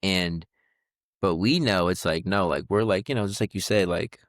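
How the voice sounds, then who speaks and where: Podcast co-host, man, deep voice, rambling reflective chat, dry studio. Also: normal speed, no echo. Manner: rambling, many fillers and restarts. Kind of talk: casual conversation.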